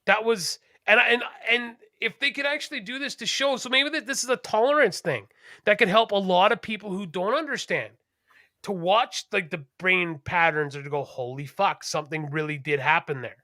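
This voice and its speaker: A man co-hosting a podcast in casual chat, rambling, animated and profane. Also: high voice, normal speed, dry recording, clean studio sound. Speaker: podcast co-host.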